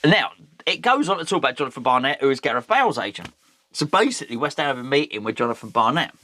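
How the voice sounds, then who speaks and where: A man's voice: medium pitch, big pitch swings, quick pace, bright, forceful tone, dry recording. A man hosting a fan channel, talking football in a rambling, jokey way that keeps correcting itself. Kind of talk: casual football chat.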